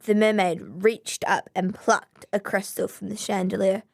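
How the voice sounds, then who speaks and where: A woman reading a children's story aloud in a measured, expressive way. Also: mid-range voice, creaky.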